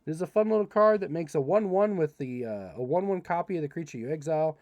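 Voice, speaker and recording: A young man hosting a livestream, casually reading card text aloud and joking with chat in an animated way. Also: on the high side, no room sound. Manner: animated, reads card text quickly, playful asides to chat. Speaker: livestream host opening card packs.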